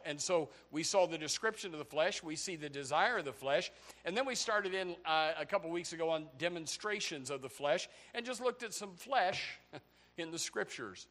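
A man preaching a sermon to his congregation, emphatic and repetitive, swinging between loud outbursts and hushed asides. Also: on the high side. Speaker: pastor. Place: church.

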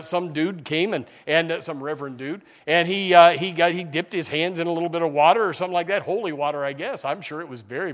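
A folksy preacher man delivering a sermon, his voice sitting a little higher than most men's. He talks plainly and casually, slipping into mocking impressions of the people he is describing. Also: fairly bright tone. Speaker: pastor.

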